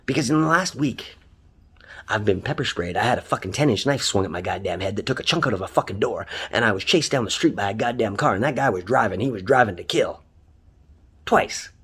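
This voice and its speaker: Ranting online, this Canadian cab driver swears nonstop through a heated, furious monologue. His voice is lowish, husky, and fairly bright, and he speaks a little fast in an animated way.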